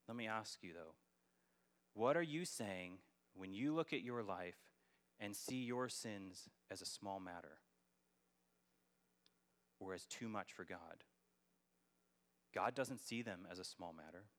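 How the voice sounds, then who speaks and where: A man's voice: lowish voice, expressive, slow pace, pauses often, fairly bright tone. A man preaching a sermon as a church elder, earnest and building to emphatic peaks. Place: church sanctuary.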